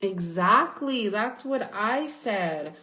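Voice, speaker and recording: A woman's voice: medium pitch, lively intonation, slow pace, pushed and bright, roomy sound. A young woman venting angrily and swearing in a casual livestream chat, reading and answering viewers. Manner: angry, venting, swears often. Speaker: livestream host.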